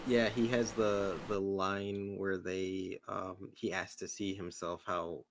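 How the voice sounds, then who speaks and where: A man with a very low, flat voice chatting about movies on a podcast. He keeps his remarks short and matter-of-fact. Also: slow pace, no room sound. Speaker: podcast co-host. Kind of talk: casual movie review chat.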